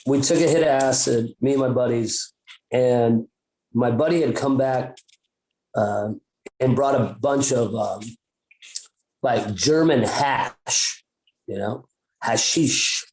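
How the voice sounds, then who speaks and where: A man's voice: medium pitch, slow, pauses often, darkish tone. Rambling, swearing man in an echoey room. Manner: rambling, profane storytelling with many restarts. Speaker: podcast co-host. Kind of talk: casual chat.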